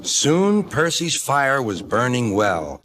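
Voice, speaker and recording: Lively male storybook narrator. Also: medium pitch, takes it slowly, a little hiss or hum.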